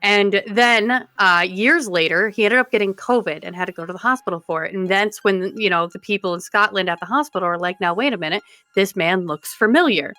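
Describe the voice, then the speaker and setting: A woman co-hosting a podcast, telling a story in an animated, casual way with fillers. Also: medium pitch, a little fast, few pauses, no echo, soft background music. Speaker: podcast co-host.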